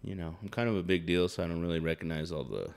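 A man in his thirties co-hosting a casual podcast, loud and teasing as he jokes with his nephew. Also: low voice, expressive, fast, vocal fry, smooth. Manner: teasing, joking, talks loud. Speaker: podcast co-host. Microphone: headset mic.

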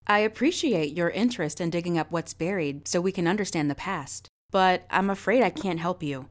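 A woman voicing a stern, gray-haired archaeologist professor who speaks firmly and in a measured way, in a storybook reading. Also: fairly low pitch, lightly acted. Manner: firm and measured.

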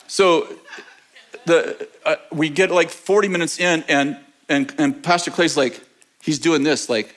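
Guy preaching, high voice, telling his story all animated and laughing. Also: a little slow. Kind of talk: sermon testimony storytelling.

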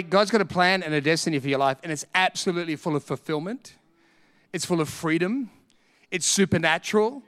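A middle-aged Australian man preaching a lively sermon. He repeats his points with emphasis and tells stories with energy. His voice sits fairly high and rings smooth and resonant. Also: long reverb tail. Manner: animated storytelling, emphatic repetition.

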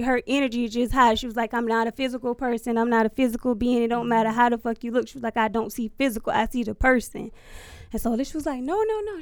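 A woman telling a story in casual, profane chat, animated and laughing, acting out what people said. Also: a little high, clean tone, no echo, studio quality. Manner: animated, profane, laughs often, acts out quotes.

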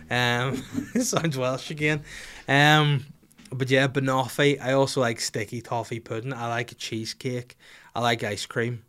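A man's voice: mid-range voice, steady tone, normal speed, fairly bright tone. A man hosting a casual podcast, answering listener questions in a rambling, profane, jokey way. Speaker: podcast host.

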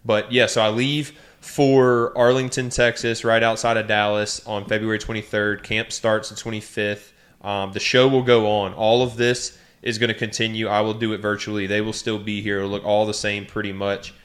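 A young man in his twenties hosting a casual podcast chat, easygoing and relaxed, with frequent ums as he talks about his plans. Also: lowish voice, normal speed. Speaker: podcast host and quarterback.

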